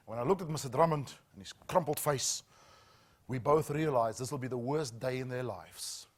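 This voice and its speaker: A middle-aged man, telling a story as a safety trainer, with earnest dramatic pauses that drop to a hush. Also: medium pitch.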